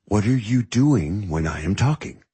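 A man voicing a patient, teasing music teacher in measured audiobook dialogue. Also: lowish voice, expressive, mellow, husky, exaggerated voice. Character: calm, wry male music teacher. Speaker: music mentor.

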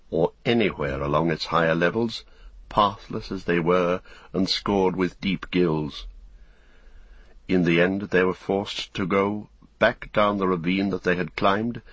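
A man reading an audiobook in a measured, deliberate way. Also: sits low, a bit bright, breathy edge, dry recording, muffled recording. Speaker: audiobook narrator. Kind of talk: scripted narration.

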